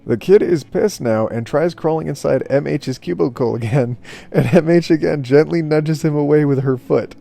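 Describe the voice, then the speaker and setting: Gravelly-voiced man reading stories. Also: on the high side, moderate pace, mellow. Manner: amused, chuckling, casual. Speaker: YouTube storyteller. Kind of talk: reading Reddit stories aloud.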